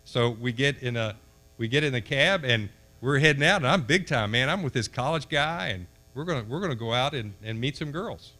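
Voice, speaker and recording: Man, older, storytelling speech, animated, acts out voices, low mains hum. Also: brisk. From Kentucky. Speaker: banquet speaker.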